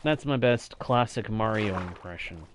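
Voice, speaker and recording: A man's voice: medium pitch, sing-song, a little slow, fairly bright tone, a little hiss or hum. A man with a slightly nasal voice, chatting casually with viewers while live-streaming a game, thanking them often and laughing easily.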